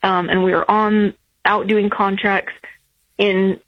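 Female caller, halting, husky, dull lo-fi phone sound. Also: medium pitch, flat delivery, no echo. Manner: emotional, halting, many restarts. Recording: muffled phone line.

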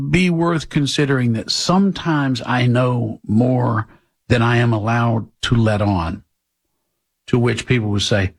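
A man hosting a political talk show, delivering a blunt, lecturing monologue to his listeners. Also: measured pace. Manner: blunt, lecturing, mocks people in high put-on voices.

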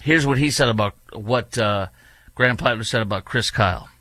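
A man's voice: mid-range voice, brisk, a bit bright, dry recording. A man hosting his own talk show, delivering a heated, emphatic opinion monologue with many fillers. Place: studio in a large US city.

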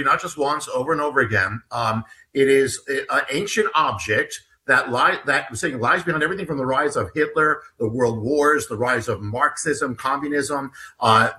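A man's voice: a little high, bright, forceful tone, low-quality recording. A man being interviewed as an author, explaining earnestly with frequent fillers and restarts. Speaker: guest author. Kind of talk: interview talk.

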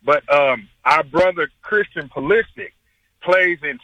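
Man calling in, playful and chatty, bright high voice. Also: dry recording, lo-fi sound. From Memphis, US South. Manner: chatty, playful, fast-talking. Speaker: caller. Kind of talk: call-in radio chat.

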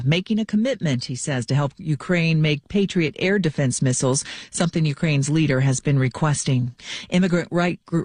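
A woman newscaster reading radio headlines in a crisp, measured delivery. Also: low voice, darkish tone, no room sound.

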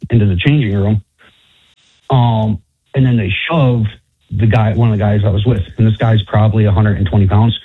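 A man as a guest on a talk show, telling his story casually and haltingly. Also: lowish voice, slightly rough, dry recording. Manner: halting, many fillers and restarts. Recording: tinny, dry phone-like sound.

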